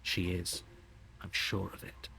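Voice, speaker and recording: An actor voicing a calm male narrator in a video game, speaking in measured second-person narration. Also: deep voice, creaky, a little hiss or hum, full character voice.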